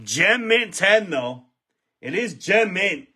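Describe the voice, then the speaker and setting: A man hosting a live trading card box break, excitable and profane, shouting when big cards are pulled. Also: high-pitched, slow, husky.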